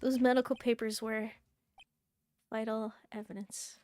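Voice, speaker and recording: A woman voicing an earnest young male defense lawyer from a video game, speaking with quiet determination. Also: a little high, flat delivery, measured pace, no room sound, natural voice. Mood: determined.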